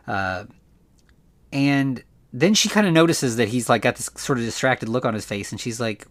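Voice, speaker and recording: A man's voice: medium pitch, animated, moderate pace. A man hosting a podcast, recapping a movie casually with lots of fillers and restarts. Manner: rambling, many fillers. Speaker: podcast host.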